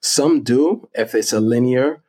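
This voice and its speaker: A middle-aged man, a guest expert, explaining things step by step in a chatty, animated interview. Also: medium pitch, unhurried. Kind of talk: casual interview talk.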